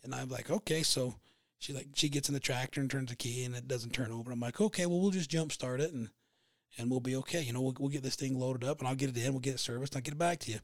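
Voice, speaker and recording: A man co-hosting a podcast, telling a long anecdote in a relaxed, halting way with many restarts. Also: medium pitch, no echo, studio quality. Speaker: podcast co-host. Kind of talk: casual storytelling chat.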